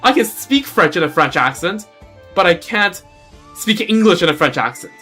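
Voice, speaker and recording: A man chats casually over a game, with a voice that is bright and pitched a little high. He rambles, jokes at his own expense and restarts sentences often. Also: animated, moderate pace, breathy edge, soft background music. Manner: rambling, self-deprecating, full of restarts. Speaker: game streamer. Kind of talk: casual let's-play commentary.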